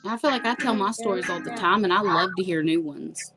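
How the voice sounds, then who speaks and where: A woman's voice: lowish voice, fairly quick, music in the background, rough recording. Chatty woman co-hosting a stream. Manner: chatty, storytelling. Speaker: co-host. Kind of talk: casual live-stream chat.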